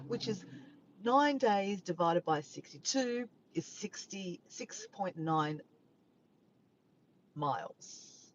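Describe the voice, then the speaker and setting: A woman's voice: medium pitch, lively intonation, slow pace, dull audio, slight background noise. A woman with an Australian accent, chatting casually to a live stream from her parked car, rambling and tripping over her words. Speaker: vlogger.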